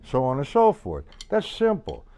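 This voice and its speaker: Guy teaching drums, counts out loud, drums loud behind him. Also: mid-range voice, wildly swooping pitch, moderate pace, over loud music. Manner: casual, repeats words, counts beats aloud while playing. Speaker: drum teacher. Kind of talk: live-streamed drum lesson. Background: drum kit playing.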